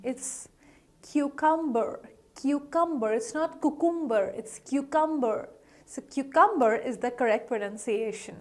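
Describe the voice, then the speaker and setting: A woman teaching pronunciation in an online lesson, upbeat, quizzing viewers and repeating each word slowly. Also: high voice.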